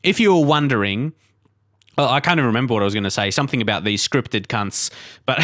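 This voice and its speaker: Young guy playing a football manager game live, talks it through, gets annoyed and yells, dry close sound. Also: lowish voice, a little fast, no room sound. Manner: frustrated, swears, outbursts at the game. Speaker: gaming channel host. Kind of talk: live let's play commentary.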